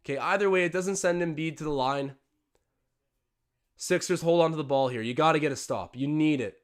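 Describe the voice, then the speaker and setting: A young man hosting a live watch-along stream, commentating on a basketball game and getting excitable on big plays. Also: fairly quick. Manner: excitable, jumps up in pitch and volume on big plays. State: out of breath. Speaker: livestream host doing game commentary.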